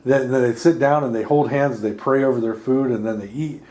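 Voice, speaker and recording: A man's voice: mid-range voice, steady tone, fairly quick, a little mellow. A man in his thirties co-hosting a podcast, rambling casually, swearing and laughing often. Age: 30s. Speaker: podcast co-host. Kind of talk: casual chat.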